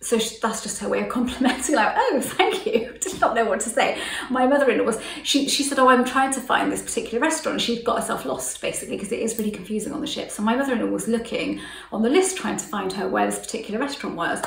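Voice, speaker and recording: A woman's voice: fairly high pitch, fast, vocal fry, fairly bright tone, reverberant, distant mic, a little hiss or hum, rough recording. A middle-aged woman telling a story to camera in a chatty way, laughing often and acting out what people said. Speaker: vlogger.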